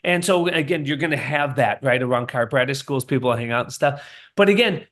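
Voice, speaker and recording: A man's voice: mid-range voice, fairly quick, a bit bright. A man who is a chiropractor, speaking as a guest in a casual podcast interview with an emphatic, storytelling manner.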